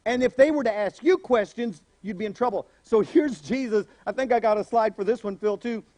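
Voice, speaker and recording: High-voiced man preaching a lively sermon. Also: a little fast, dry recording. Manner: animated preaching, acting out quoted voices. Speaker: pastor.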